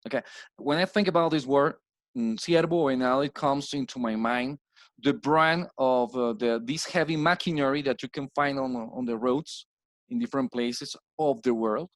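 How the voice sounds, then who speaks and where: A Colombian man whose first language is Spanish, teaching English plurals in a slow recorded slide lesson and repeating each word for drill. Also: mid-range voice, no echo. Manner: repeats words slowly with stressed drills.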